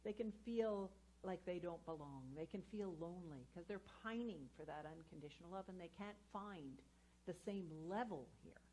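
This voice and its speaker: A woman's voice: on the low side, moderate pace, mellow, slight background noise. A woman educator giving an earnest inspirational talk to a live audience in a spiritual centre hall, telling personal stories. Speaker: guest speaker and educator.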